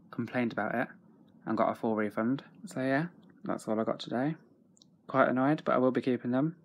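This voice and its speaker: A young man with a freely swearing, excitable manner, chatting casually at home in a video diary. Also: medium pitch, a little hiss or hum. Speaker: autograph collector vlogger.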